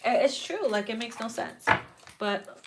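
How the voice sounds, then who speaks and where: A woman's voice: a little high, a little slow, slight background noise. A woman giving a casual tarot reading, swearing freely and laughing often. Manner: profane, laughing, animated. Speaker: tarot reader.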